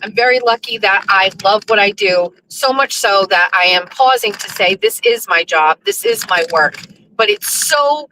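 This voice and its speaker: A woman in her fifties chatting casually from a moving vehicle, excitable and laughing, swearing freely. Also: mid-range voice, moderate pace, slight background noise, poor audio. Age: 50s. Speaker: vlogger. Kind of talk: casual chat. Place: riding in a vehicle.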